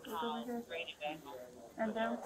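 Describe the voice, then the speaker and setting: A woman doctor examining a patient, giving brisk, gentle instructions. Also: on the high side, completely flat delivery, a crowd in the background, poor audio. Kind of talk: clinical exam instructions.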